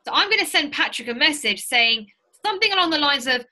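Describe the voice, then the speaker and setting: A woman with a high, bright, forceful voice runs a sales training for a group. She talks in an animated, direct way and teaches through stories. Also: fast. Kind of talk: lively training talk to a group.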